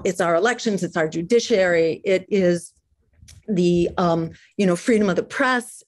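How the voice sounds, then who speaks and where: Woman guest, fired up and emphatic, mid-pitched voice. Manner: indignant, emphatic. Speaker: political guest. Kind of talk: conversational interview talk.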